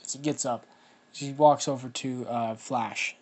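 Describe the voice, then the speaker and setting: A man improvising a fan-made story out loud, rambling with many fillers and restarts. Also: mid-range voice, steady tone, unhurried, breathy edge.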